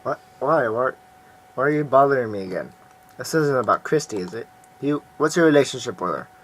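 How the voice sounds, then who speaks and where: A man's voice: medium pitch, expressive, fairly quick, natural voice. A man reading the lines of a surly, suspicious young man in a game, curt and sneering. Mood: irritated.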